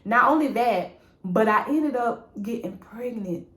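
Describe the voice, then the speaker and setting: A woman's voice: a little high, measured pace. Woman in her 30s, preachy, testimony-style home vlog, roomy phone sound. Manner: animated and preachy, addresses viewers as "y'all" and "baby". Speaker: vlogger sharing a faith testimony. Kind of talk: casual spoken testimony. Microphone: phone propped up.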